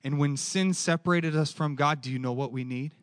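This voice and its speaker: Animated male preacher, higher voice. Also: brisk, no room sound, clean studio sound. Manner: animated, asks the audience questions. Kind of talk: sermon.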